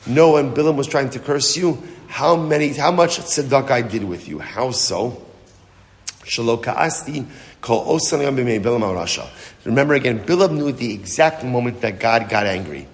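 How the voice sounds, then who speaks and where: Rabbi guy teaching talmud, chatty storyteller, mid voice, big reverb. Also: medium pitch. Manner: animated storytelling with casual asides. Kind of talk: daily Talmud lesson. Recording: long hall reverb.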